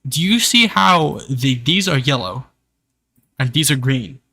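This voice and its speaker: A man's voice: medium pitch, lively intonation, a little slow, sharp tone, no room sound. A young man streaming live, ranting casually to his chat with frequent swearing. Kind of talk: casual livestream rant.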